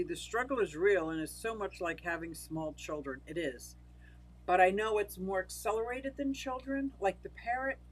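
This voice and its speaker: A woman's voice: on the low side, breathy edge, low-quality recording. An older woman hosting a livestream, chatting casually, laughing often and answering viewers by name. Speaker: livestream host. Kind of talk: casual livestream chat reading comments.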